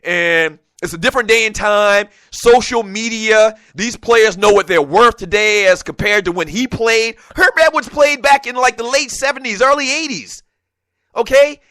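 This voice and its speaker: A man hosting a sports talk show in a studio, delivering a passionate, animated monologue that often escalates into shouting. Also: high voice, normal speed, no room sound. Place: radio studio.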